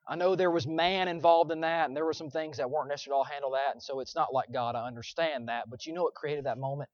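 A young man preaching, telling a personal story in an earnest, confessional way that swings from loud to hushed. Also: on the high side, fairly even intonation, fast, no room sound, lo-fi sound. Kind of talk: sermon illustration.

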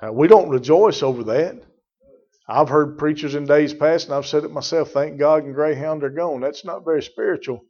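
The preacher's voice is a little high with a darkish tone, moving at normal speed. He repeats phrases forcefully and calls on members of the congregation by name, captured in a muffled lo-fi recording from the church.

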